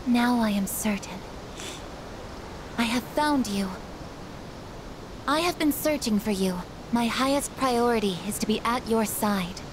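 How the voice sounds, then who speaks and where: A woman voicing a calm, formal female android girl in a video game, speaking in flat, precise robotic phrasing. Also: a little high, unhurried, long pauses, lightly acted. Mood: devoted. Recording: noisy game audio capture.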